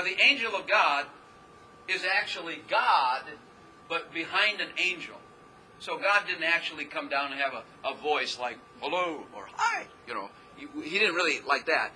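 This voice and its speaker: A man's voice: high voice, sharp tone, slight background noise, poor audio. A man preaching a casual, rambling sermon as pastor, often laughing at himself as he talks.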